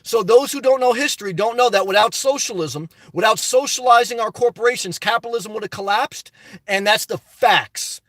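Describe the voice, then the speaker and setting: A middle-aged man with a high voice answers his viewers' comments on a live stream. He talks casually but slips into passionate rants. The sound is dry and close, with no room echo. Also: moderate pace, a bit bright. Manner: passionate, ranting; reads viewer comments aloud and answers them. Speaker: livestream host. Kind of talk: casual live-chat reply.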